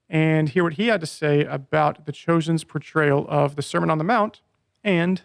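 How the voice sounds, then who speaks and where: A man with a fairly high voice and a gravelly edge to it, talking through an episode recap on a podcast. He recaps scenes with energy and slips into playful voices when he quotes lines. The sound is close and dry. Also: moderate pace, dry recording. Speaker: podcast co-host. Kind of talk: casual podcast chat.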